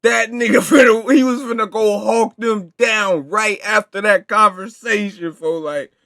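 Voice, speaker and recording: Slow, high-voiced man reacting. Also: fairly even intonation, bright, forceful tone, no echo, clean studio sound. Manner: slow, laughing reactions and short exclamations. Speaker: reaction video host. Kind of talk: casual reaction commentary.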